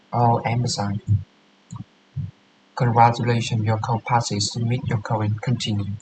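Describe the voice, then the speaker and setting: Man, coding tutor, slow halting delivery, repeats and self-corrects, roomy echo. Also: a little high. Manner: halting, repeats and corrects words while thinking aloud. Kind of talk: casual screen-share coding walkthrough. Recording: roomy echo with faint hiss.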